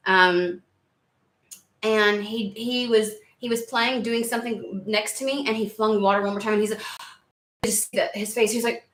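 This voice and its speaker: A woman in her thirties talks casually to her viewers, rambling through her story with plenty of fillers and restarts. Her voice is bright and forward. The sound rings in an echoey room. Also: medium pitch, steady tone, normal speed. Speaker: tarot reader and channel host. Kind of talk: casual chat to camera.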